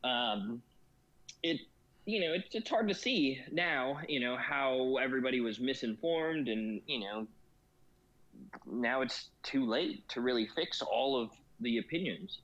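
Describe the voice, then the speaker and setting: A man's voice: medium pitch, a bit bright. A man talking as a guest in a casual discussion, rambling and filling every phrase with "you know". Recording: slightly dull lo-fi audio.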